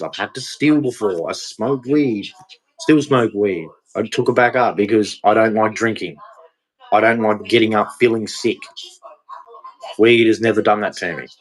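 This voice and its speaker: A man's voice: lowish voice, low-quality recording. An Australian man with a blunt, profane, confrontational manner, ranting in a monologue to camera. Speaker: vlogger.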